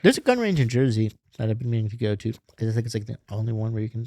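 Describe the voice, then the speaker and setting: A man's voice: lowish voice, big pitch swings, racing, warm tone, no room sound. A man co-hosting a podcast, telling stories in a laid-back, easygoing casual chat.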